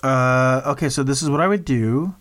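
A man's voice: mid-range voice, normal speed, fairly bright tone. A man co-hosting a podcast in casual chat, joking and rambling through stories. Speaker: podcast co-host.

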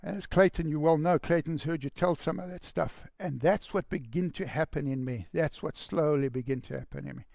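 Gravelly preacher man, impassioned sermon. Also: a little high, brisk, hardly any pauses, dry recording, studio quality. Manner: impassioned, building to loud shouts. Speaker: pastor.

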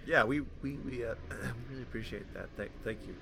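A man's voice: mid-range voice, fairly quick, creaky, noisy background. A young man co-hosting a podcast, jokey and sarcastic, swearing in casual chat. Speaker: podcast co-host.

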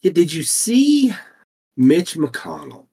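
Easygoing man with a husky voice. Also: a little high, very animated, slow pace, warm tone. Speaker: podcast co-host. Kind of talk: casual chat.

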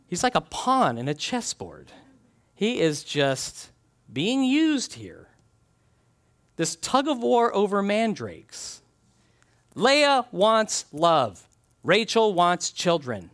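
A man preaching a sermon, reading scripture aloud and telling stories with animated little acted-out scenes. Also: sits high. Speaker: pastor.

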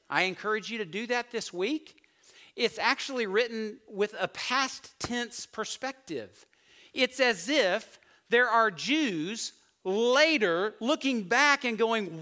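A male pastor delivers a sermon in a high, bright voice. His pitch leaps and falls as he acts out the disciples' words. At key points he sinks to a near whisper.

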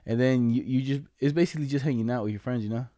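A man's voice: medium pitch, rapid-fire, dark tone. A young man casually telling a rambling, slangy story to a friend, laughing along and quoting others in put-on voices.

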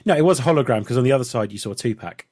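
A man hosting a casual chat podcast, often trailing off into a quiet mumble. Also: mid-range voice, lively intonation, very fast, no echo, clean studio sound. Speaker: podcast host.

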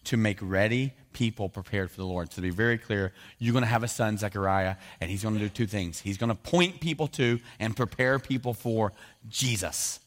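Male pastor, animated and jokey sermon, does the voices of biblical figures. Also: fairly low pitch, fairly quick.

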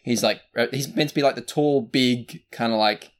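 Aussie guy chatting about a movie, lots of um and like, mid pitch, keeps circling back. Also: moderate pace. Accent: Australian. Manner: rambling, many fillers and restarts. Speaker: podcast co-host. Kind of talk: casual movie review chat.

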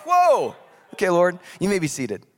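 A man preaching a sermon in a church, animated and jokey, acting out voices from scripture. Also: high voice, normal speed. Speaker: pastor. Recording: long hall reverb.

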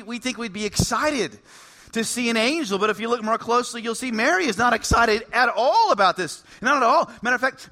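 Animated high-voiced male preacher. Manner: animated, conversational preaching with humor. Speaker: pastor. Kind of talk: sermon.

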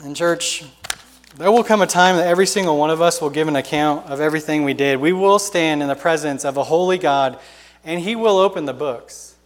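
A male pastor delivering an impassioned sermon, rising to loud exhortation and dropping to hushed pleading. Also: on the high side, a little fast, in a large hall.

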